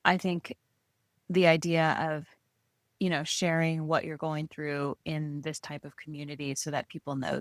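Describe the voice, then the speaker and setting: Low-voiced woman podcast co-host. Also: dry recording, studio quality. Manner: thoughtful, encouraging. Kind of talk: casual chat.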